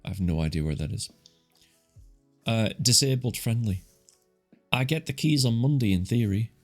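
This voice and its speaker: An audiobook narrator reads a novel live in a casual way, breaking off for chatty comments and to correct himself. His medium-pitched voice has lively intonation and a normal pace, with faint music in the background.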